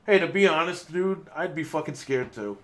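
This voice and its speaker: A man's voice: on the high side, expressive, moderate pace, fairly bright tone. Casual swearing male gaming podcast co-host. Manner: swearing, storytelling with laughs. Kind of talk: casual chat while playing a game.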